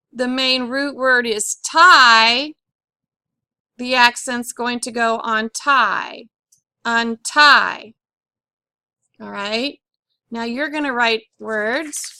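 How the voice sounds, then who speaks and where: A woman's voice: sits high, sharp tone, clear, resonant tone, no room sound. A woman teaching a phonics lesson on syllables and accents, patiently asking questions and repeating each word for her pupils.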